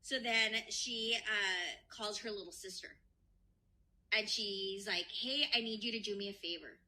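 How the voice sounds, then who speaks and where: Bright-voiced woman telling a wild story. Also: mid-range voice, unhurried. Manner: animated retelling, acting out quotes, frequent swearing and "like". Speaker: podcast co-host. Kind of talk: casual storytelling chat.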